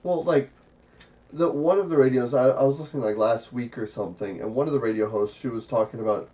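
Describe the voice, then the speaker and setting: A man's voice: mid-range voice, fast. Storytelling man, dull distant podcast sound. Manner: animated storytelling with quoted asides. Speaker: podcast co-host. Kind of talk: casual chat.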